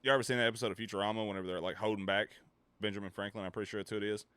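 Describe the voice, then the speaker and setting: A man streamer ranting in casual chat, animated, swearing and laughing between points. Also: fairly low pitch, racing, smooth, no room sound. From United States.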